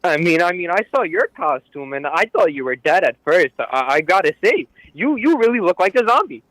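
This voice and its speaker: A man's voice: high-pitched, very animated, fairly quick, fairly bright tone, no room sound, poor audio. A man calling in to a comic show, crude and mocking. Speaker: caller. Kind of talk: comic call-in.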